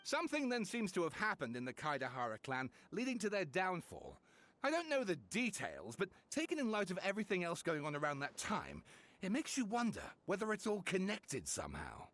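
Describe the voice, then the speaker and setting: A man's voice: high-pitched, a little fast, exaggerated voice. An actor playing an eager male writer who talks theatrically and builds up his reveals. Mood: explaining. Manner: theatrical, excitable, dramatic build-ups.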